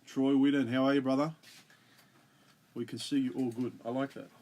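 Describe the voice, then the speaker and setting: A man's voice: medium pitch, flat delivery, moderate pace, darkish tone. A man hosting a casual livestream, greeting viewers by name and joking around. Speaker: livestream host.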